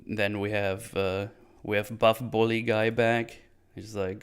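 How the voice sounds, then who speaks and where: His voice lowish, level and clean, a male film reviewer gives a casual, rambling recap of a martial arts film. He swears freely and puts on quick voices for the characters.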